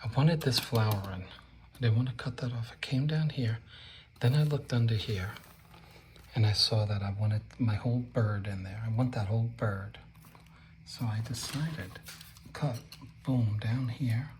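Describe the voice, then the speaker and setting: There's background noise as a man with a lowish voice talks unhurriedly through a casual wallpapering tutorial in the room he's working on indoors. He jokes playfully and often slips into a murmur while he works.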